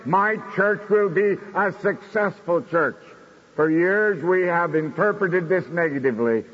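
A man preaching a sermon in a measured, declamatory way, slowing down for emphasis. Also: sits high, slightly rough. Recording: dull recording in a reverberant hall.

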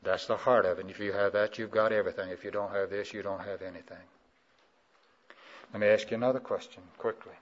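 A man preaches with a call-and-response rhythm, urging listeners to answer back. His voice dips low and quiet, then climbs loud and high on key words. The old recording sounds dull and muffled. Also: steady tone, fast talker. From South Carolina. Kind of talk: sermon.

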